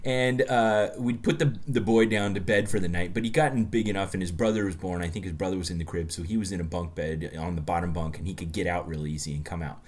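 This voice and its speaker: A man's voice: low voice, steady tone, fast, hardly any pauses. A man from the United States in his thirties, co-hosting a casual podcast and telling stories in a chatty way, with many restarts. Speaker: podcast co-host. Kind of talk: casual chat.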